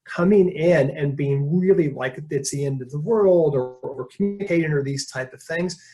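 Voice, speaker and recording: A man's voice: fairly high pitch, normal speed, music in the background. A man presenting a leadership webinar, telling stories in a conversational way and acting out quotes. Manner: conversational storytelling, jokes and acts out quotes.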